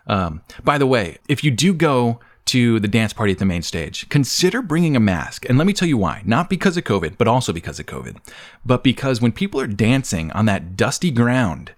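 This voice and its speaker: A man's voice: mid-range voice, sing-song, moderate pace, few pauses. A man hosting a casual podcast chat, playful and laughing often as he reads through a list. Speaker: podcast host.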